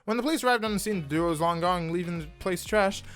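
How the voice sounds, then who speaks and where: A man's voice: high voice, quick pace, soft background music. A young man reading fan fiction aloud in a casual way, stumbling over words and adding asides. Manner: animated, stumbles over words, laughs at the text.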